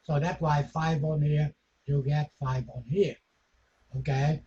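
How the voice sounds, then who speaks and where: Slow-speaking male electronics teacher. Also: a little high, steady tone, mellow, dull audio. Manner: halting, repeats short phrases, non-native grammar. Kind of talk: classroom lecture.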